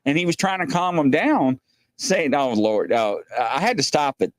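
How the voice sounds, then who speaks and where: A male host chats casually, rambling and filling pauses while he searches for clips. His intonation moves around a lot. The sound is dry and close. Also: on the high side, animated, no room sound. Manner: rambling with many fillers. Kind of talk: casual show chat.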